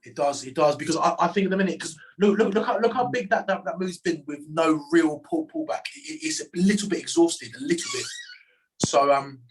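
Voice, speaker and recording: A man's voice: fairly high pitch, big pitch swings. A man casually chatting about trading with a friend, stumbling over words and restarting often. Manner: halting, many restarts, says "bro". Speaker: trader. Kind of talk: casual chat.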